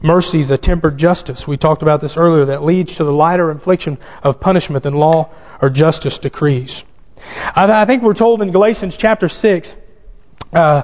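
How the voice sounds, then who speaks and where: Male preacher in an echoing hall. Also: on the high side. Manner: preaching with rising emphatic calls and pauses; reads scripture aloud in King James wording. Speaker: pastor. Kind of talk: sermon. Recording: dull sound with long hall reverb.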